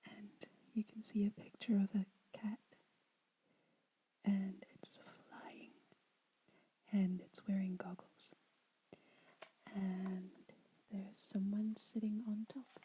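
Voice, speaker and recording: A woman whispering a children's story aloud as an ASMR storyteller, soft and unhurried. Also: medium pitch, flat delivery, a little hiss or hum, poor audio.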